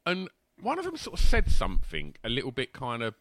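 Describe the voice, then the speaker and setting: Animated bloke telling a story. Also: male voice, mid-range voice, a little fast, no echo. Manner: animated, laughing, acts out voices. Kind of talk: casual storytelling chat.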